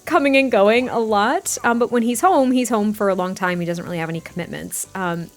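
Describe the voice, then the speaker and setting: A woman's voice: mid-range voice, fairly quick. A woman casually narrating her life-sim gameplay, giggly and rambling with lots of fillers. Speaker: life-sim game YouTuber. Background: faint background music.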